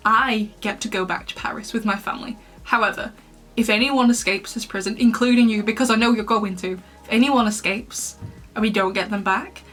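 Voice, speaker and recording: A woman's voice: medium pitch, fairly even intonation, brisk, a bit bright, soft background music, close to an everyday voice. A woman voicing a weary male French prison governor who pleads with a prisoner, in a plain retelling voice. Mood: pleading.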